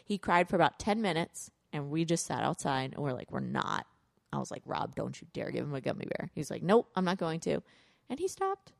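A woman in her thirties chatting casually as a podcast co-host, telling parenting stories with lively retellings of her kids' voices. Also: deep voice, brisk, creaky, no echo, clean studio sound. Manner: animated storytelling, acts out kids' voices. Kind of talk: casual chat.

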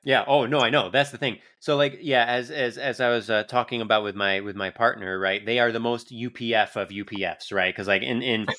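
A man's voice: lowish voice, pushed and bright. A young adult man co-hosting a podcast in casual chat, laid-back and rambling with lots of fillers. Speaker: podcast co-host.

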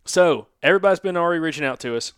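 A man's voice: a little high, racing, clear, resonant tone, dry recording. Laid-back Southern podcast co-host, man. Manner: relaxed, plugs and outro delivered casually. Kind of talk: casual podcast chat.

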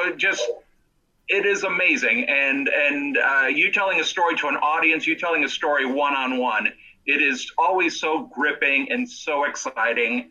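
Bright-voiced man chatting as co-host. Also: a little high, rough recording. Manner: halting, full of restarts and fillers. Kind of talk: casual chat.

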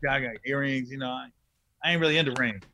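A man in his forties, a comedian hosting a casual chat, telling animated stories with lots of laughter. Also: medium pitch, fast talker, slight background noise. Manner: animated, laughing, acts out quotes. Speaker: podcast host, comedian.

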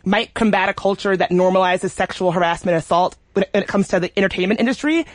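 A woman's voice: medium pitch, fast, no echo. Chatty, enthusiastic woman podcast host. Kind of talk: casual chat.

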